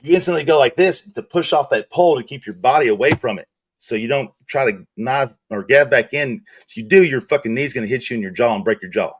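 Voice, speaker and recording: A man's voice: medium pitch, lively intonation, fast talker, breathy edge, no room sound. A middle-aged man telling rambling, profane work stories in casual chat as a stream host. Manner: rambling, profane, laid-back.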